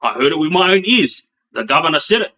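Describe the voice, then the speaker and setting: A man's voice: on the high side, very animated, fast talker, sharp tone, low-quality recording. A man telling prison stories casually, rambling with many fillers and restarts and acting out what others said. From Australia. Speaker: former inmate telling stories. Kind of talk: casual storytelling.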